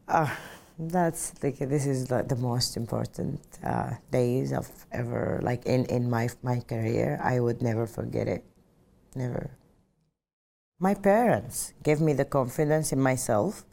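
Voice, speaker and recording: A woman's voice: a bass voice, unhurried, vocal fry, mellow. A middle-aged woman from Arabia, a pilot telling her story in an earnest, reflective interview and often saying "just like". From Saudi Arabia.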